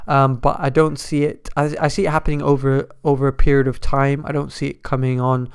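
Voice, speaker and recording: A man's voice: mid-range voice, level tone, a little fast, clear, resonant tone. A man hosting a casual live stock market stream, talking loosely and rambling, restarting his phrases as he answers viewers' chat messages. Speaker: stock market livestream host.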